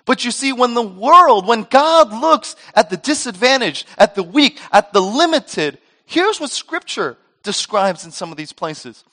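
A pastor giving a sermon, his voice pitched high for a man. He speaks with a lively, swinging delivery and slips into playful voices when he tells a story. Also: measured pace, hardly any pauses. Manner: animated storytelling, acts out voices in a joke.

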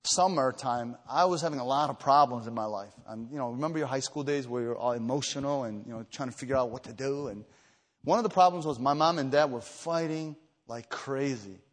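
Earnest preacher man in an echoey hall. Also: a little fast. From Chicago area, USA. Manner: earnest, emphatic, climbs in pitch and volume when stirred; personal storytelling with many fillers and restarts. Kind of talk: evening retreat sermon. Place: retreat meeting hall.

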